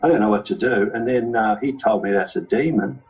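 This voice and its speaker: A man who leads a deliverance ministry, telling his personal testimony in a vivid, excited way. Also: fairly low pitch, fairly quick, husky. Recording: dull lo-fi recording.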